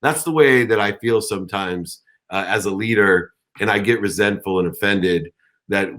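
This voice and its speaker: A man's voice: fairly low pitch, moderate pace, fairly bright tone. A middle-aged man mentoring on a coaching call, talking earnestly and rambling with many restarts. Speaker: guest mentor.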